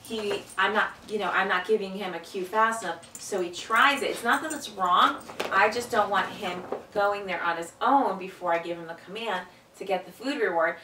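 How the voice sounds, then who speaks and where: In this indoor training demonstration, a woman explains an exercise calmly at a moderate pace, then gives her dog sharp, upbeat commands and high praise. She's recorded from a distance in an echoey room with background noise.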